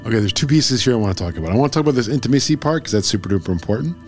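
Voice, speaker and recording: A man chatting casually on a podcast, at an ordinary middle pitch. He rambles from point to point and trips over words, correcting himself as he goes. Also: expressive, very fast, music in the background. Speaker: podcast co-host. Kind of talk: casual chat.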